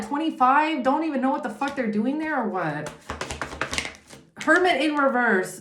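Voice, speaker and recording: High-voiced, blunt tarot reader. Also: female voice, roomy sound. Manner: blunt, profane, indignant asides. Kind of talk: casual tarot reading monologue.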